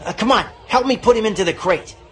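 A man voicing a rough, greedy male dog thief in an audiobook, talking fast in a raised, jeering voice. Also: sharp tone. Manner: fast, high-pitched, jeering.

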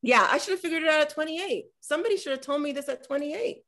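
A woman in her forties, an author talking on a panel over a video call, animated and acting out the voices in her stories. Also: high voice, fast talker. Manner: animated storyteller acting out dialogue. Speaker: author and former politician. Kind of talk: conversational talk on a panel.

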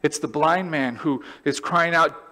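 Animated man preaching in a reverberant church. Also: on the high side, unhurried. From California. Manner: animated, storytelling, acts out voices and laughs. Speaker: pastor. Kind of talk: sermon. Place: church sanctuary.

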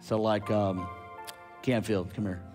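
A man preaching a sermon as a guest preacher, animated and loud at his peaks, with quick asides to the crowd. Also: fairly low pitch, faint music behind.

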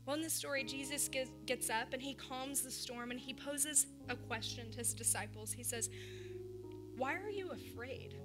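A woman with a high, bright-pitched voice preaches in a church, chatty and emphatic, leaning hard into the drama of the story. Music plays softly underneath her. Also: moderate pace, few pauses. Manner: animated, emphatic storytelling with casual asides. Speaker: pastor. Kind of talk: conversational sermon.

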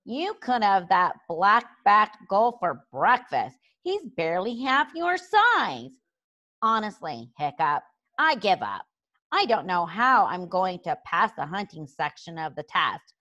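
A woman's voice: medium pitch, very animated, slow, bright, forceful tone, lo-fi sound, heavily acted. A woman doing a gloomy, despairing young boy. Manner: despairing, sighing.

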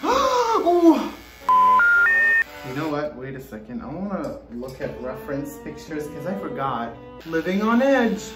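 A man's voice: a little high, expressive, moderate pace, recorded from a distance. A young man filming a casual vlog who talks dramatically, swearing often and breaking into yelps and shrieks. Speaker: vlogger. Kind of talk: casual self-filmed vlog. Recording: echoey room with music. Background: music.

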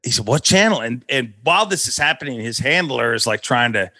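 Animated middle-aged man telling a story. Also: mid-range voice, a little fast, no echo. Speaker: podcast host. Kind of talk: casual storytelling chat.

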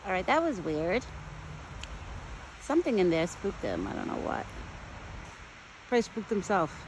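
Woman doting on her pet, lively voice. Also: medium pitch, moderate pace, pauses often, slight background noise. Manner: doting baby talk to an animal, laughing often. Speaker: deer owner filming her pet. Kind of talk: casual vlog narration. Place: outdoors among trees.

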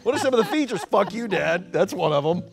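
A man's voice: sits high, sing-song, quick pace, vocal fry. A man co-hosting, trading dry wisecracks in casual comedic banter in a hot warehouse. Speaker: co-host. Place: hot warehouse without air conditioning.

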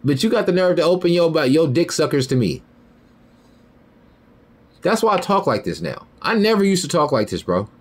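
A man hosting a podcast, delivering a heated, profane monologue that swings between loud high outbursts and low muttered lines. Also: sing-song, normal speed, long pauses. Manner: heated, profane, repeats "you feel me" and "bro". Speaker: podcast host.

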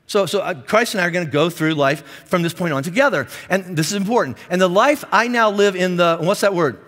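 Animated high-voiced pastor in a reverberant hall. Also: male voice, fairly quick. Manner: animated, self-deprecating joking with the congregation. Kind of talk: sermon. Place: large church auditorium.

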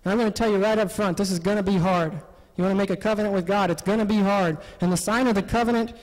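Man, high voice, Bible study teacher, animated and laughing, long reverb of a parish hall. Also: fast talker. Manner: animated, often laughing, acts out quotes. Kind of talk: lively Bible study talk.

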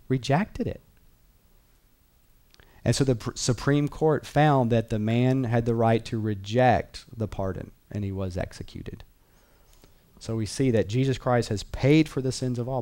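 A man's voice: medium pitch, a little mellow. A man teaching a Bible class in an earnest, conversational way, repeating key phrases and reading verses aloud.

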